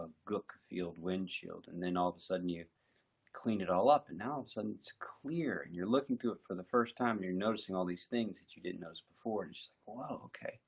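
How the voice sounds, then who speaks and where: A man giving a slow, reflective, conversational mindfulness talk as a meditation teacher. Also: deep voice, gravelly, a little mellow, slightly rough.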